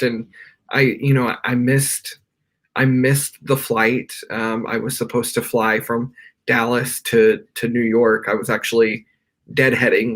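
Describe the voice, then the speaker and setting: Here a young man's voice, medium in pitch and fairly bright, recounts something from his own life. He's on a podcast as a guest, connected remotely from his bedroom, rambling earnestly and saying "like" a lot in this live, candid interview.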